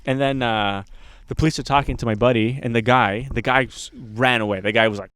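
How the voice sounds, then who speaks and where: A man's voice: medium pitch, a little fast, smooth, no echo. A man telling a wild story in casual podcast chat, acting out the voices of the people in it. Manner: animated, acts out voices in his stories. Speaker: podcast host.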